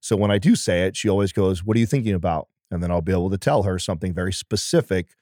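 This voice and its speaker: A man's voice: sits low, fast talker, darkish tone, dry recording, studio quality. A man speaking as a podcast guest in casual conversation, earnest and emphatic, swearing now and then.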